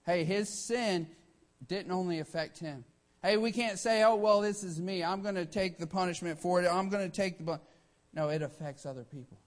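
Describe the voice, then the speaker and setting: A man's voice: sits high, moderate pace. A man preaching a sermon with emphatic delivery, often starting lines with "hey" and acting out quotes.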